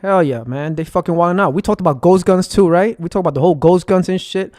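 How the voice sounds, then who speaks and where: A man's voice: high-pitched, fast talker, a little mellow, dry recording, studio quality. Rambling, profane New man. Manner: rambling, profane, with frequent fillers and repeated phrases. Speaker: streamer. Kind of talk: agitated rambling monologue.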